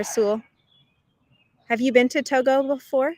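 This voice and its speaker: Brief: middle-aged woman, English teacher on a live stream, unhurried, laughs between chat replies, dogs barking nearby. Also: medium pitch. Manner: chatty, reads viewer comments aloud and answers them; laughs often between remarks.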